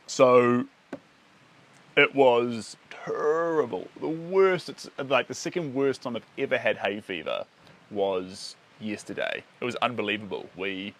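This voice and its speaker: A man's voice: mid-range voice, measured pace, a bit bright. A man chatting casually with his viewers during a live art stream, rambling and playful, often chuckling. He is recording outdoors under a shelter by a lake.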